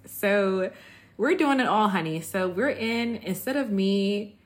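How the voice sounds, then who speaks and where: A woman's voice: medium pitch, animated, takes it slowly. A woman hosting a casual solo podcast, tired after working late, chatting with listeners and calling them "honey". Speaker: podcast host.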